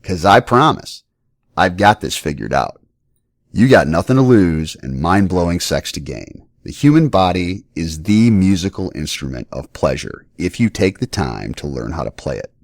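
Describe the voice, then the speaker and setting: A man's voice: deep voice, big pitch swings, moderate pace, dry recording, studio quality. A middle-aged man hosting a podcast, giving a blunt, profane and playful scripted monologue. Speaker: podcast host.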